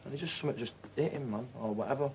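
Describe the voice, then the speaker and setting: A man's voice: mid-range voice, racing, darkish tone, slight background noise, low-quality recording. A man, a guest in a casual interview, talking in cocky, slangy banter and interrupting often. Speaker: band member guest.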